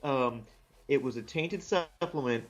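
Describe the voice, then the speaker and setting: A man co-hosting a podcast in casual chat, relaxed and joking. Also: mid-range voice, a little slow, soft background music. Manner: relaxed, joking, brief replies. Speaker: podcast co-host. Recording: dull lo-fi sound.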